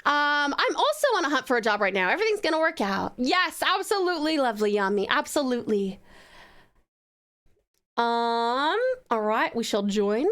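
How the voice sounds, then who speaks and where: Brief: effusive woman streamer, very high and lively voice, pet names for everyone. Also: moderate pace. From Tasmania, Australia. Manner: gushing, thanks viewers with pet names. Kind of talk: live game stream chat.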